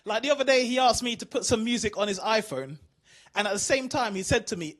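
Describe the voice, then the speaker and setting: A man from the UK doing an animated stand-up routine, asking the crowd questions. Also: high-pitched, fast. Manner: animated storytelling, asks the crowd. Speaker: stand-up comedian.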